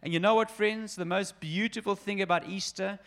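A man in his forties delivers a sermon in a fairly high, bright register. He preaches with earnest emphasis and addresses his listeners directly, as if speaking to each person in the pews. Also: steady tone, moderate pace. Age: 40s. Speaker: pastor.

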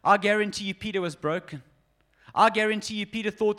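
A man in his forties delivers a sermon in a fairly high, bright register. He preaches with earnest emphasis and addresses his listeners directly, as if speaking to each person in the pews. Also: fairly quick. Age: 40s. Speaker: pastor.

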